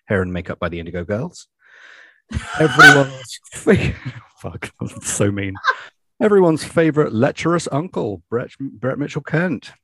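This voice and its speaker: A man's voice: medium pitch, slight background noise. A man co-hosting a podcast, chatting casually and reading a campy outro with dry humor. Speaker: podcast co-host.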